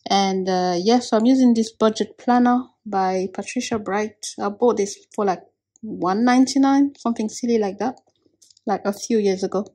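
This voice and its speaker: Relaxed woman vlogging. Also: medium pitch, normal speed. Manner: relaxed, chatty, with frequent fillers. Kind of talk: casual vlog talk to camera.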